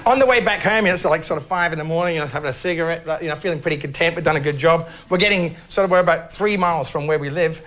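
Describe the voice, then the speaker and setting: A man's voice: a little high, very fast, hardly any pauses, fairly bright tone, a little hiss or hum. A man, a guest on a comedy panel, who rambles with lots of fillers and swears freely. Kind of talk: casual panel banter.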